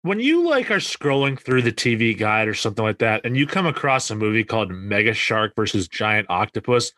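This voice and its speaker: A man hosting a casual podcast, lively as he recaps the game and chats with friends. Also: on the low side, fairly quick, no echo, clean studio sound. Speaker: podcast host. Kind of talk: casual chat.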